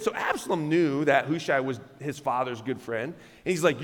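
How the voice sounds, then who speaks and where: A man's voice: a little high, expressive, normal speed, hardly any pauses, fairly bright tone, big-room sound. A male pastor preaching a sermon in a church, emphatic, often repeating words and restarting phrases. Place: church sanctuary.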